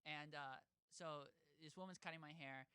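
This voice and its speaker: Young guy telling a long rambly story on a podcast, bright voice, dry close sound. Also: normal speed, clean tone, no room sound. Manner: rambling, swears, jumps into high voices for quotes. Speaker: podcast host. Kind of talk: casual storytelling chat.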